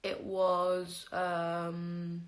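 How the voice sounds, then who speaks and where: A woman's voice: lowish voice, completely flat delivery, drawn-out words. A young woman chatting on a phone livestream, telling stories about her life with frequent laughs and casual swearing.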